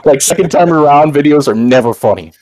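A man's voice: fairly high pitch, lively intonation, a little fast, darkish tone, no echo, clean studio sound. Rambling, profane young man telling a story. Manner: rambling and profane, full of fillers. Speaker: podcast host. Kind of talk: casual storytelling chat.

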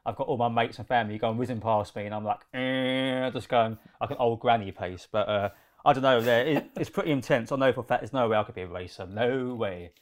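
A man co-hosting a podcast, chatting in a brisk, friendly, matey way. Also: mid-range voice. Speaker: podcast co-host. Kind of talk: casual chat.

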